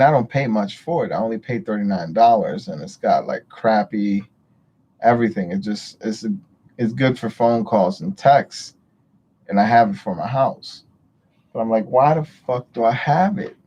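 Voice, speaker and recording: Low-voiced man rambling on a livestream. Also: a little mellow, dull audio. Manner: rambling, swears freely. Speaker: livestream host. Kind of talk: casual livestream chat.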